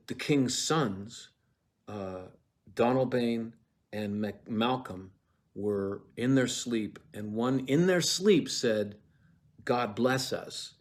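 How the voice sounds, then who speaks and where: Man, lecturer, low voice, slow unhurried delivery, casual and salty, fillers and restarts. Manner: drops to a whisper when reciting verse, then lively retelling. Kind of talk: casual lecture on a play with recited lines.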